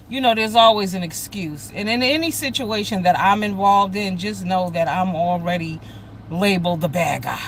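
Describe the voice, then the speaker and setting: A woman's voice: lowish voice, moderate pace, a little hiss or hum, poor audio. Blunt, profane woman ranting on a livestream. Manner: blunt, profane, heated storytelling; greets viewers by name mid-talk. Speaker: livestream host. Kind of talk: casual livestream rant.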